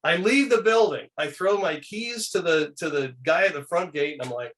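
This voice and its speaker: A man's voice: a little high, moderate pace, hardly any pauses, fairly bright tone, slight background noise. A middle-aged man, a guest on an interview show, telling anecdotes casually and acting out the people he quotes in shifting voices.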